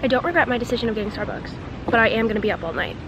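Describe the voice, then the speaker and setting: A woman's voice: on the high side, lively intonation, very fast, noisy background. A young woman talking casually to the camera in a vlog, chatty and candid, with lots of "like" fillers. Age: young adult. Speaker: vlogger.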